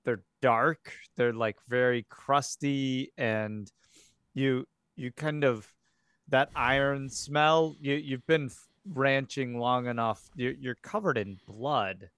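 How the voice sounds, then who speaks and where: A man's voice: medium pitch, fairly even intonation, slow pace, a bit bright, smooth, no room sound, clean studio sound. A man running a tabletop game as game master, narrating scenes in a rambling way with many fillers. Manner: rambling, filler-heavy storytelling.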